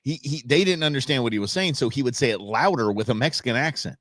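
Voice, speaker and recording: A man's voice: medium pitch, expressive, fast, fairly bright tone, no echo. A man hosting a live political commentary stream, reacting to clips with sarcastic, mocking asides and frequent laughter.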